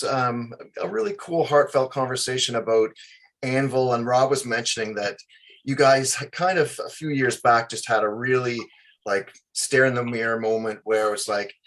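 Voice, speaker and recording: Rambling male interviewer, mid-pitched. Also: a bit bright. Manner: rambling, hesitant questions with restarts. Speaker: interviewer host. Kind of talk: casual interview questions.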